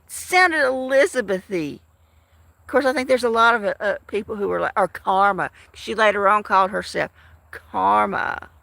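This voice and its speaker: A woman's voice: medium pitch, normal speed, creaky, fairly bright tone, no echo. A woman in her fifties, chatting casually to viewers of her live stream in a rambling, talkative way. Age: 50s. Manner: rambling, chatty, with frequent restarts and laughs.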